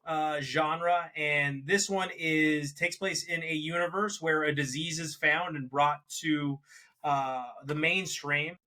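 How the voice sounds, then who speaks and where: A man co-hosting a podcast, giving casual reviews with frequent laughs and lively asides. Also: on the high side, slow pace. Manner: animated, laughs often, mocks accents in quotes. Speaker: podcast co-host.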